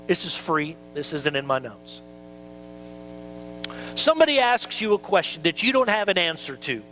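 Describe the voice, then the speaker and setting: A man's voice: fairly high pitch, very animated, normal speed, sharp tone, slight background noise, low-quality recording. A man pastor preaching a sermon in a conversational way, acting out quoted excuses.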